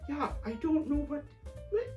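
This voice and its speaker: Actor doing a hammy eccentric with a fake German accent, swooping wildly up and down; faint music under. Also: male voice, very high voice, very animated, normal speed, muffled recording. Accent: put-on German. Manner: hammy, theatrical, scolds a doll. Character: eccentric man showing odd old gadgets. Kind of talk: comic sketch character.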